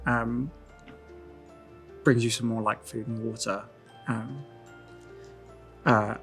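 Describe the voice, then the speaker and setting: Game master, man, mid-pitched; loose, casual narration with lots of fillers. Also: fairly even intonation, takes it slowly, a bit bright, soft background music.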